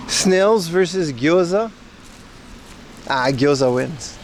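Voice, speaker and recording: A man's voice: high-pitched, animated, unhurried, slight background noise. A man casually chatting with his livestream viewers while walking outdoors, loose and slangy. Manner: loose slangy banter, reads chat. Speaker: IRL livestreamer. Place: outdoors on city streets.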